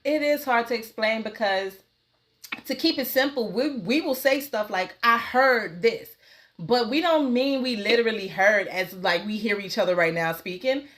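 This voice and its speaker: A woman hosting a podcast in a slightly higher voice. She chats casually and laughs easily. She often quotes her own thoughts as she talks. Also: moderate pace. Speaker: podcast host.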